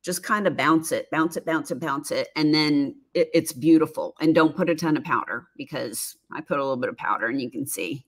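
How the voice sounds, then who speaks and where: A woman's voice: low voice, a little fast, few pauses. A woman in her fifties chatting casually on a live stream, reading viewer comments with frequent laughs and rambling asides. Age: 50s. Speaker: livestream host, former makeup artist.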